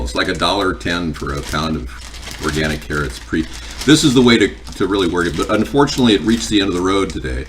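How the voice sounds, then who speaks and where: A man's voice: fairly low pitch, fairly bright tone, recorded from a distance, a little hiss or hum. A man hosting a cooking livestream at home, chatting casually and joking with viewers in a rambling way. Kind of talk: casual chat answering viewer comments. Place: home kitchen.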